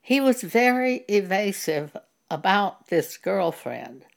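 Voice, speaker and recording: Slow, deliberate woman teaching the Bible. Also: medium pitch, very animated, vocal fry. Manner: slow and deliberate, reading scripture aloud. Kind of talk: Bible teaching with a personal story.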